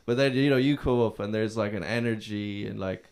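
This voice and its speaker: A man's voice: fairly low pitch, a little fast, darkish tone, clean tone. A man co-hosting a podcast, rambling with many fillers and little laughs. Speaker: podcast co-host. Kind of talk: casual podcast chat.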